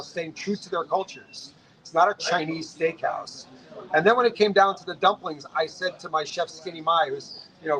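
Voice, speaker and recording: Energetic male entrepreneur in his late thirties, telling his story in an interview, rapid with repeated restarts, voice pitched a bit high. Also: low-quality recording. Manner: fast, energetic, frequent restarts and stammered repeats.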